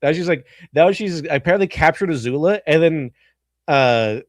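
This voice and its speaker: A man hosting a live stream who rambles through his commentary, restarting sentences and laughing along the way. His delivery is animated and casual. The recording is dry and close. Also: on the high side, normal speed, no room sound. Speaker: stream host.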